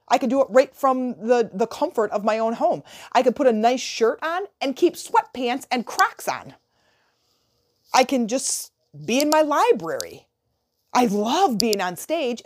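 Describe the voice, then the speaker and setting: A woman coaching her viewers in a chatty, animated motivational talk, often restarting phrases and acting out little dialogues. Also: medium pitch.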